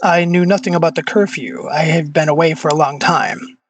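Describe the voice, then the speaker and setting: A player answers in character, measured and hesitant, choosing evasive words. The voice is mid-pitched and dry with no room sound. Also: fairly even intonation, dry recording, rough recording. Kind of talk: in-character tabletop role-play.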